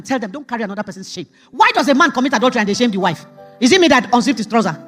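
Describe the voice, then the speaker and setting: A woman preaching a sermon testimony, emphatic, jumping from loud outbursts to hushed asides. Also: a little high.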